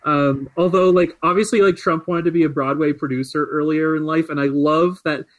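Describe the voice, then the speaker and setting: A man's voice: fairly high pitch, steady tone, a little fast, poor audio. A man co-hosting a casual podcast chat, rambling with many filler words. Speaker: podcast co-host.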